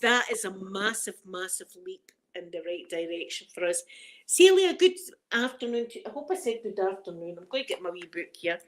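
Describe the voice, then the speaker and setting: A woman's voice: medium pitch, expressive, a little fast. A middle-aged Scottish woman hosting a casual live chat, emotional and fighting back tears as she greets viewers by name. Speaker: livestream host.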